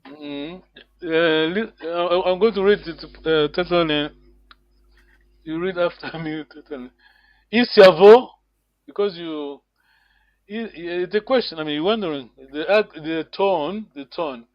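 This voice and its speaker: Slow-talking guy teaching a language class online, kinda higher voice, dull lo-fi sound. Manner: slow, patient, repeats phrases for students to copy.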